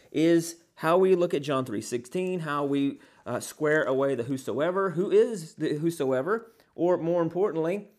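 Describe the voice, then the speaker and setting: A man teaching as a pastor in an earnest sermon, pausing often on fillers and posing many rhetorical questions. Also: on the high side, a little mellow.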